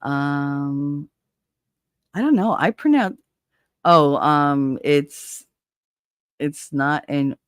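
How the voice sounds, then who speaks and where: A woman's voice: low-pitched, extremely slow, long pauses, clear, resonant tone, no room sound. Candid woman with a Jersey accent. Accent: New Jersey. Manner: candid, profane, chatty. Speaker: livestream host. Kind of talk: casual livestream chat.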